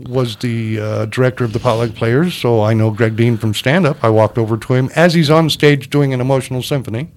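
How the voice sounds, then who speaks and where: An older man tells a comedy club story in casual conversation. He keeps shifting into the voices of the people he quotes, animated and theatrical. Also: mid-range voice, fairly quick, hardly any pauses. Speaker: guest comic telling a story.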